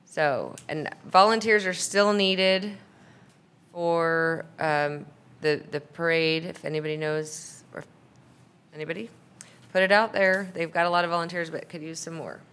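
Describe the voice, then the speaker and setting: A woman with a smooth, clear voice, slightly low, chattily runs through a list of upcoming events. She speaks at a council meeting. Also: steady tone, measured pace, a bit bright. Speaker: city council member. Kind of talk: meeting announcements.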